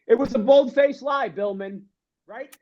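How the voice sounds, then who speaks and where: A man's voice: very high-pitched, unhurried, a little mellow. Give me a fired-up, ranting male sports co-host, in dull lo-fi sound. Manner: fired-up, ranting, repeats himself. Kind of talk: sports talk.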